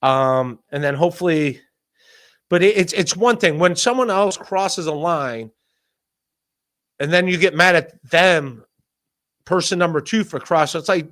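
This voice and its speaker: Guy with a high bright voice rambling on his podcast, swears a lot, laughs a bunch. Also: unhurried, pauses often. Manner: rambling, profane, laughs often, mock-shouts quoted people. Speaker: podcast host. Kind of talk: casual solo rant.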